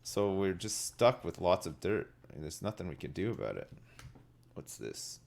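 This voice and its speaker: A man's voice: low voice, big pitch swings, moderate pace, vocal fry, a little mellow. A man in his thirties streaming a game live, joking and rambling to his chat. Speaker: livestreamer. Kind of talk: casual live-stream chat while gaming. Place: home gaming setup.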